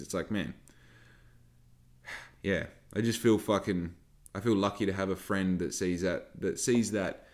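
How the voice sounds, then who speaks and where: Deep-voiced man rambling and swearing. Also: steady tone, measured pace, pauses often, a little mellow. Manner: swears freely, rambling and frank. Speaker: podcast host and small business owner. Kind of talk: casual rambling monologue.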